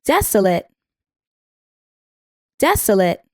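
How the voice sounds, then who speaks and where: A woman with a mid-range voice reads vocabulary definitions in a calm, measured way. She says each word twice so learners can repeat it. The recording is dry and close, with no room sound. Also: mid-range voice, no room sound. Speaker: vocabulary instructor. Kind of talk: scripted vocabulary lesson.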